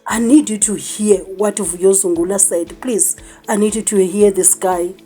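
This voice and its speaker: A woman's voice: medium pitch, fairly even intonation, measured pace, warm tone, soft background music. A South African woman hosting a news commentary channel, talking emphatically and repeating herself for stress. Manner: emphatic, repeats "I'm telling you". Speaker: channel host. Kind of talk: commentary vlog.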